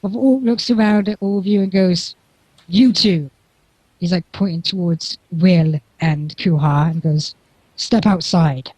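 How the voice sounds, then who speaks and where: Game master: husky male voice, loose and chatty, dry close sound. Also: sits high, steady tone, normal speed, few pauses, mellow, no room sound, low-quality recording. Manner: laughs often, loose and chatty. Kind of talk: narrating a tabletop game.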